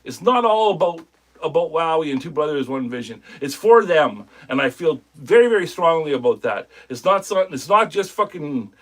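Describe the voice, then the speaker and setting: A man's voice: on the high side, expressive, moderate pace. A man hosting a woodcarving live stream, chatting casually and rambling as he greets viewers by name and talks about his work. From Canada.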